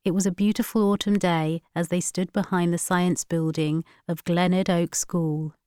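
Smooth, crisp woman storybook narrator. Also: on the low side, no echo, studio quality. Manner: steady, measured storytelling. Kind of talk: scripted narration.

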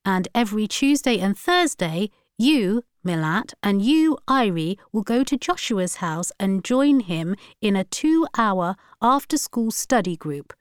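A stern headmistress, as a woman narrator voices her, firm and lecturing. The voice is smooth and crisp, recorded close and dry like a storybook. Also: medium pitch, very animated, a little slow, hardly any pauses, dry recording.

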